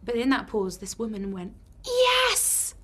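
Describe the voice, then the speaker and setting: A woman, a stage actress, chatting in an interview and telling lively stories about the audience. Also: medium pitch, normal speed, gravelly. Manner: chatty storyteller, acts out lines. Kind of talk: casual interview chat.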